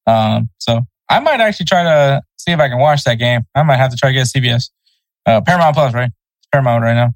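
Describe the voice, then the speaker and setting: A man co-hosting a casual soccer podcast, relaxed and easygoing, chuckling over tricky team names. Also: mid-range voice, fast, dry recording, rough recording. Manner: laid-back, chuckles over name pronunciations. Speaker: podcast co-host.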